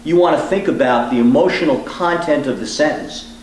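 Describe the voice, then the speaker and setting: A man teaching as a law professor, speaking deliberately with measured pauses. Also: on the high side, a little mellow, a little hiss or hum. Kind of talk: teaching demonstration. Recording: echoey room, distant mic.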